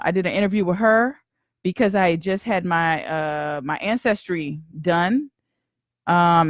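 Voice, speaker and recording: A woman's voice: lowish voice, dry recording, clean studio sound. A woman podcast host in casual live-stream chat, slangy and talkative, greeting viewers by name.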